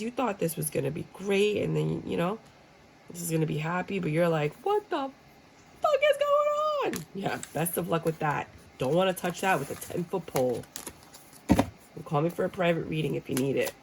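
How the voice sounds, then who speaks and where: A woman gives a casual tarot reading in a low, gravelly voice. She talks bluntly and jokes as she acts out how people react. A faint hiss sits under the recording. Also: rough recording. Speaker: tarot reader. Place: room with a squeaky chair.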